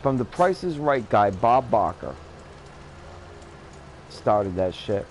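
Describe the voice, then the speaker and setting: A man's voice: on the low side, very animated, takes it slowly, darkish tone, slight background noise, low-quality recording. A man in his fifties hosting a gaming channel, chatting casually and telling blunt stories with frequent laughter. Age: 50s. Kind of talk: casual chat while gaming.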